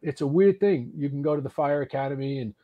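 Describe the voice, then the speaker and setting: Guest, man, 60s, husky voice; casual, animated storytelling with restarts. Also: mid-range voice, quick pace, narrow, tinny audio. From United States. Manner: animated, swearing, trails off and restarts. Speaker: podcast guest, actor and volunteer firefighter.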